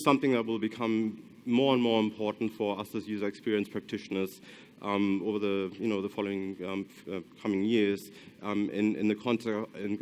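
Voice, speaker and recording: A man's voice: fairly low pitch, clear, resonant tone. Hesitant man with a German accent. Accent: German with some Australian. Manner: hesitant, many ums and restarts. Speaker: conference speaker. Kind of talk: conference talk. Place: conference hall.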